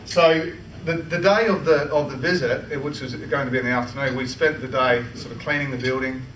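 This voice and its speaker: A man's voice: mid-range voice, steady tone, a little fast, fairly bright tone. Australian man telling a funny story. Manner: chatty storytelling with frequent restarts and laughs. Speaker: club speaker. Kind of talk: humorous personal anecdote speech. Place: meeting room. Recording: roomy hall, from far off, with noise.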